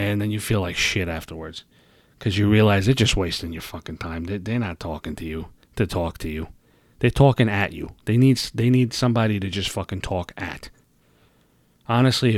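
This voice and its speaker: A man's voice: fairly low pitch, no room sound, studio quality. A young man hosting his own podcast, venting in a casual, heated, profanity-laden rant. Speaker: podcast host.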